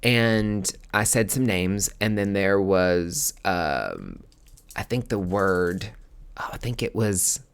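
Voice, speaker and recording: A man with a fairly low voice hosts a podcast and tells a personal story off the cuff. He rambles through fillers and restarts, then leaps up in pitch when he acts out what people said. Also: animated, slow, creaky, clean tone. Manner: acts out quoted dialogue with sudden high outbursts. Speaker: podcast host. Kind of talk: casual storytelling.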